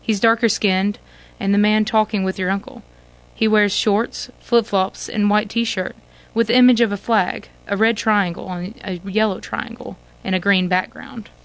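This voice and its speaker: A woman's voice: medium pitch, fairly even intonation, moderate pace. Woman narrating an interactive adventure story.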